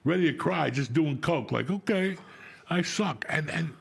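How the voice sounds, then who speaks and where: A middle-aged man from New Jersey hosts a casual talk show. He tells rambling, profane stories in a deeply gravelly, husky voice. His pitch swings lively up and down as he talks. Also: measured pace. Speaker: podcast host. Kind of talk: casual storytelling chat.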